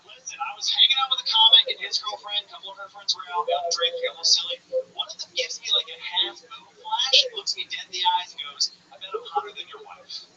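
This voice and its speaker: A man from Colorado Springs doing a stand-up set on a club stage, delivering crude punchlines in a deadpan way. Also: high voice, fast talker, gravelly. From Colorado Springs, USA. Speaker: stand-up comedian. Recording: distant muffled club recording.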